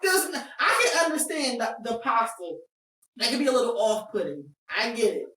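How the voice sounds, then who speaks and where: A woman's voice: a little high, animated, moderate pace, a bit bright, echoey room, recorded from a distance, low-quality recording. A woman co-hosting a casual podcast chat, blunt and joking as she keeps steering the talk to the next topic. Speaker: podcast co-host.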